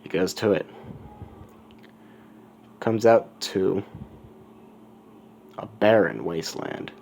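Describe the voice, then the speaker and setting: A man narrating a fan story at an unhurried pace in a lowish voice. He rambles and corrects himself as he goes, and faint ambient noise sits behind him. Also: gravelly, darkish tone. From United States. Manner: rambling, self-correcting asides. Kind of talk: casual storytelling.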